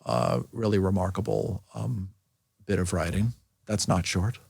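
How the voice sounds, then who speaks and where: Low gravelly-voiced man, halting and thoughtful. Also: darkish tone, no echo, studio quality. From New York City. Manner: thoughtful, halting, many fillers and restarts. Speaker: medical school dean and hepatologist, interview guest. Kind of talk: casual interview.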